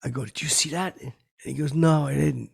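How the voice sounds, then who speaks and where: A man's voice: on the high side, steady tone, a little fast, darkish tone, full character voice. An actor playing a middle-aged, boastful, washed-up male comedian who rambles tactlessly in a podcast monologue. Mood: rambling. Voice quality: very gravelly, raspy. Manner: rambling, rough-spoken, tactless, lurching between bravado and sentiment. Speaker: podcast host. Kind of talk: comic character monologue.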